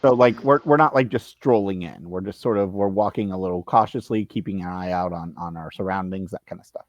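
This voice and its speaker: A man's voice: sits low, a little fast, no room sound, highs cut off. A man playing a tabletop role-playing game, chatting casually and stammering, repeating his words. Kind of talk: casual role-play chat.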